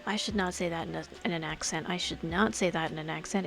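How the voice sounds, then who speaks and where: A woman's voice: on the low side, fairly even intonation, quick pace, vocal fry, few pauses, music in the background. A woman streamer chatting casually while playing a game, thinking aloud and murmuring to herself.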